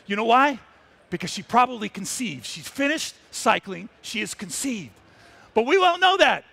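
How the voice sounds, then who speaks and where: A man's voice: very high voice, big pitch swings, moderate pace, creaky, pushed and bright, breathy edge. A man telling a wildlife story on a trade show stage, exuberant and acting out the animals. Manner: exuberant, breaks into character voices. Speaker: wildlife photographer giving a stage talk.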